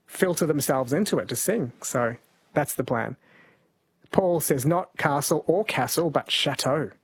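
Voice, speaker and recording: On a casual talkback radio show, a New Zealand host chats easily with callers and reads out texts from listeners. His voice sits on the high side and is slightly rough, with no room sound in the recording.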